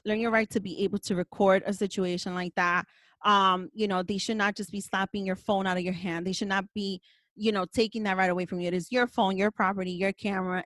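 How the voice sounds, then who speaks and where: With a mid-range, somewhat bright voice and no echo, a woman hosts a laid-back podcast. She speaks emphatically and passionately, dropping the odd swear word.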